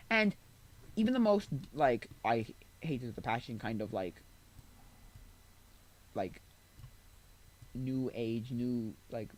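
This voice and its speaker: A man's voice: mid-range voice, poor audio. A man chatting casually while streaming a game, rambling with many restarts and asides.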